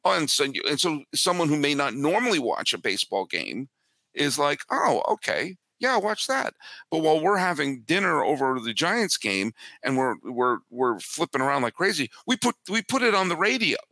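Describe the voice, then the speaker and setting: A man guesting on a sports podcast, talking in an animated way and often repeating words as he builds his points. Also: a little high, fairly quick, dry recording, clean studio sound. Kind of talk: casual sports podcast chat.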